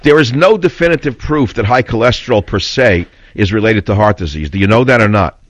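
A man's voice: on the low side, a little fast, no room sound. An older man hosting a talk radio show, blunt and combative, rambling through stories and opinions. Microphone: studio mic. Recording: dull, slightly lo-fi radio audio.

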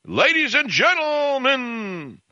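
A man mocking a pompous male political orator who shouts and speaks with a rising, preachy inflection. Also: very high voice, very animated, slow pace, no echo, highs cut off, voice pushed up, full character voice.

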